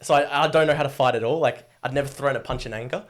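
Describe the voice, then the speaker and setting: Telling his story at a quick pace, a twenty-something Australian man speaks with a medium-pitched voice. As a guest he rambles casually, swearing and leaning on fillers.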